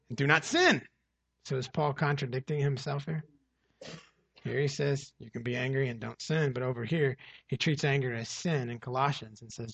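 A man's voice: medium pitch, normal speed, creaky, long pauses, a bit bright, slightly rough, no echo, highs cut off. A man preaching a conversational sermon, asking the congregation rhetorical questions as he reads and explains scripture. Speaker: pastor. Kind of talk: expository sermon.

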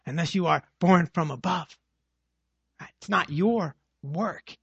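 Male preacher, husky and slightly high-pitched, emphatic teaching delivery with rhetorical check-ins, dry lo-fi recording. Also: slow pace, fairly bright tone, dry recording. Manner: emphatic, repeats phrases with rhetorical "right?". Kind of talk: expository sermon.

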